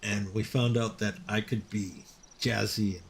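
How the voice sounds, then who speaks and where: Man in his fifties, gravelly voice, unhurried, chats with viewers in chat while gaming. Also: on the low side, fairly even intonation, a little hiss or hum. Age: 50s. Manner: chatty, talks to viewers in chat. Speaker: game streamer. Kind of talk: casual live-stream chat over gameplay.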